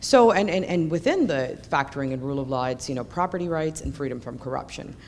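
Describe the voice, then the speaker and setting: A woman's voice: low-pitched, animated, fast talker, slight background noise. A woman policy researcher asking a conference panel a question from the floor, articulate but dotted with fillers. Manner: articulate, with frequent you-know fillers.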